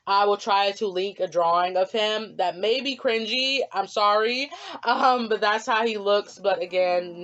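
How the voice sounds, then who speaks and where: A woman's voice: medium pitch, fairly bright tone. A young woman casually talking about her original character in a vlog, rambling with lots of ums. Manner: rambling, many ums, gets emotional. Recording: dull lo-fi audio with faint music.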